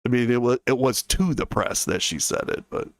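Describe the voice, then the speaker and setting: A man's voice: mid-range voice, big pitch swings, fairly quick, creaky, dry recording. A man hosting a casual history livestream. He chats to his viewers and muses aloud in asides. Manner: chatty, musing asides to viewers. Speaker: history show host.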